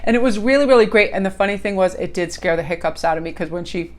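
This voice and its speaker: A woman's voice: mid-range voice, quick pace. A middle-aged woman chatting casually in a bubbly, storytelling way, recorded on a phone in a hotel room. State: coughing, just sneezed. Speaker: tarot vlogger. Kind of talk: casual chat. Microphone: handheld phone camera.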